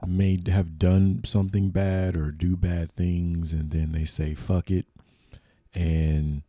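A man on a casual podcast, talking slowly and reflectively with many fillers. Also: deep voice, flat delivery, warm tone, no room sound, clean studio sound. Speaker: podcast co-host.

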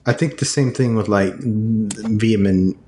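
A man's voice: fairly low pitch, slow pace, mellow, reverberant, a little hiss or hum. A young man chatting casually with a friend, rambling and hesitant with lots of fillers. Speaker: friend in conversation. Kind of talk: casual chat.

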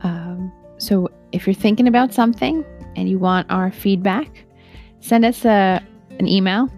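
A woman of middling pitch co-hosting a relaxed podcast, friendly and a little self-conscious, who sometimes trips over her words. Soft guitar music plays faintly underneath her. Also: a little slow. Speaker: podcast co-host. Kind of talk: casual podcast chat.

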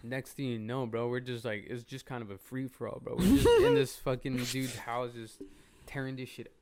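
A man's voice: mid-range voice, expressive, normal speed, a little mellow. A young man co-hosting a podcast, chatting casually with lots of slang and swearing. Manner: slangy, swears a lot, says bro and dog. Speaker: podcast co-host. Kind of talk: casual chat.

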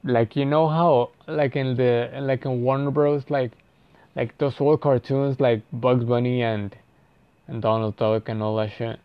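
A man's voice: mid-range voice, steady tone, unhurried, clean tone, no echo, highs cut off. A young man telling a story casually, rambling and profane, with lots of "like" fillers and restarts.

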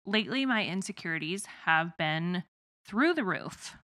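A woman's voice: on the low side, expressive, unhurried, pushed and bright. Giggly Midwestern woman with a twang. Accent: rural Midwestern American with a slight twang. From rural Midwest of the United States. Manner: giggly, chatty, laughs often. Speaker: podcast co-host. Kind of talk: casual podcast chat.

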